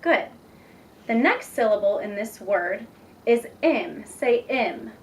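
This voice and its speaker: A woman's voice: on the high side, animated. Patient young woman teaching reading. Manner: patient, encouraging, slow and clear. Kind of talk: demonstration lesson. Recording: distant mic with faint background noise.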